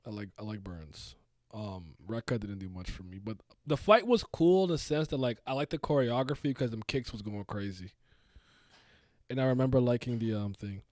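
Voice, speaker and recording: A man's voice: fairly low pitch, moderate pace, a little mellow, no echo. A young man hosting a casual chat, rambling with lots of restarts and fillers. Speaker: podcast host. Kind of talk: casual chat about manga.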